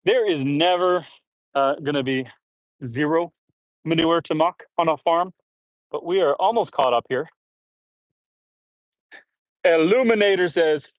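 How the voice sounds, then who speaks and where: Working outside on his farm, a man from Canada reads viewer comments on a casual phone livestream, at a measured pace with frequent pauses. He has a slightly high voice for a man, captured dry and close with no room sound. He's a bit out of breath, with grunts and sighs between loads.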